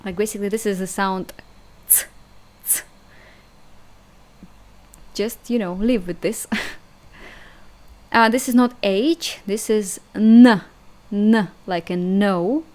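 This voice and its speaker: This young woman is a native Russian speaker with a Russian accent, running an online language lesson. She's chatty and hesitant, sounds things out slowly more than once, and laughs at herself. Her mid-range voice has a slightly mellow quality.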